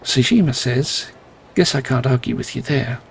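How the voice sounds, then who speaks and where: A man's voice: medium pitch, moderate pace, gravelly, slight background noise. A man playing a video game, reading the characters' lines aloud and adding dry, wry asides. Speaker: gameplay narrator.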